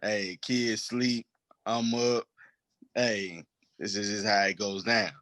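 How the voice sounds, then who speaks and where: Slow-talking tipsy man with hiccups. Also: on the low side, steady tone, a bit bright. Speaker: podcast co-host. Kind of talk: casual chat.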